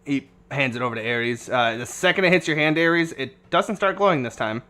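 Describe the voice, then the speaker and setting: A man acting as game master, narrating a tabletop game in a relaxed, halting way with many fillers. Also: mid-range voice.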